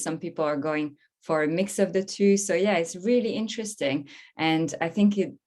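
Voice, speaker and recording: A woman from France, hosting an online panel in a chatty way. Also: fairly low pitch. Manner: chatty, quick, with many fillers. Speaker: host. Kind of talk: webinar hosting.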